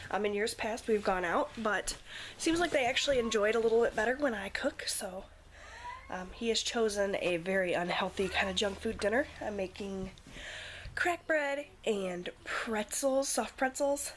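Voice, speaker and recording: A woman in her thirties, a mother, chatting casually to camera in her home kitchen with lots of ums. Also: mid-range voice. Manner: chatty, rambling, frequent ums. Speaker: vlogger, mother. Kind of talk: casual vlog talk to camera. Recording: noisy home video recording.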